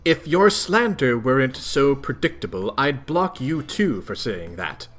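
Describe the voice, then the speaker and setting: A man reading aloud and voicing a composed young female troll in his own voice, delivering calm, measured put-downs. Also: medium pitch. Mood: cool.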